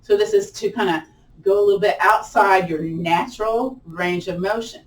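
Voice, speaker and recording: A lilting woman with a mid-range voice instructs a live online chair yoga class move by move at a normal pace, friendly and encouraging, whooping playfully while the class holds a pose. The camera mic is somewhat distant, and the roomy space echoes noticeably.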